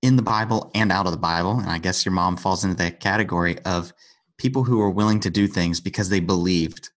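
A man's voice: deep voice, fairly quick. A man in an earnest conversational Bible discussion, retelling scripture stories and acting out the quotes.

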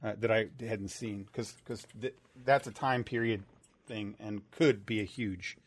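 A man's voice: fairly low pitch, fairly even intonation, a little slow. A man co-hosting a podcast in casual chat, often stumbling and restarting his words. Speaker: podcast co-host.

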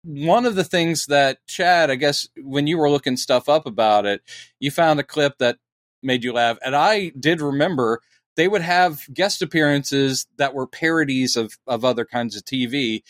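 Podcast co-host, man, animated storyteller who acts out lines, dry close mic. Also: on the high side, moderate pace, dry recording. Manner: animated storytelling, acting out quotes. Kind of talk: casual chat.

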